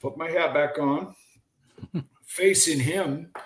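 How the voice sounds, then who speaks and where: A man in his seventies, a former baseball pitcher, telling lively stories as a guest, acting out the voices of people in them and often restarting his sentences. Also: slow pace, reverberant, slight background noise, rough recording. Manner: lively storyteller who acts out quoted voices, with frequent restarts. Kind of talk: animated storytelling in a chat.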